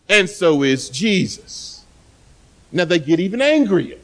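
A man preaching a sermon in a loud, emphatic voice, often repeating words and pausing for effect. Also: high-pitched, very animated. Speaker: pastor.

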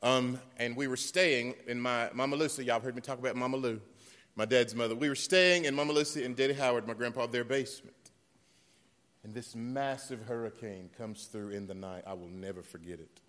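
A man preaches from the pulpit, his voice bright and ringing. He moves from homey storytelling into loud, emphatic repeated refrains, and a long reverb from the church sanctuary trails every phrase. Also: medium pitch. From South Carolina. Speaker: pastor. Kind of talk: sermon.

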